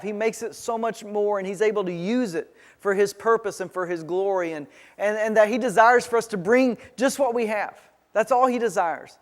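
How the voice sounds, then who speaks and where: A man with a high voice preaches in a church sanctuary, and the sound hangs in a long reverb. He tells a personal story as his sermon, halting often and restarting his phrases. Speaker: pastor.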